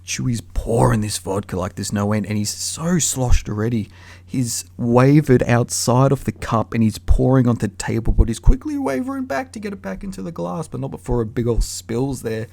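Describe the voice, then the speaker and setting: A young man telling a casual story in an animated, slangy way. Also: mid-range voice, moderate pace, vocal fry. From Australia. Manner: animated, slangy, acts out voices.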